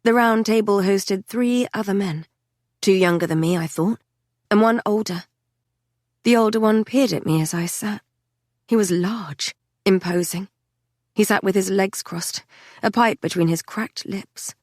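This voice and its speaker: A woman narrating a first-person novel in a measured, quiet storytelling manner. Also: medium pitch, no echo, clean studio sound. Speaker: audiobook narrator.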